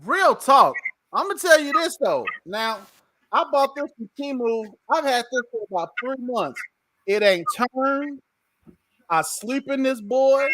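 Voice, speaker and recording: A man hosting a casual podcast, his voice bright and forward. He swings up and down in pitch as he brags and jokes, and he laughs a lot. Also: lively intonation, measured pace, dry recording, rough recording. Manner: joking, boastful, laughs often. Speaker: podcast host. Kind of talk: casual banter.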